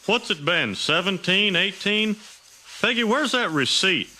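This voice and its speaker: A man's voice: high voice, animated, measured pace, bright, forceful tone, soft background music, full character voice. An actor playing a fussy, house-proud middle-aged cartoon father who frets in a by-the-book way. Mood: fretting.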